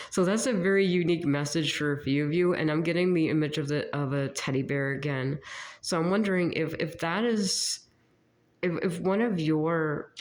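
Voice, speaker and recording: A psychic reader with a sick voice, giving a casual spiritual channeling session in a halting, meandering way with frequent giggles. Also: mid-range voice.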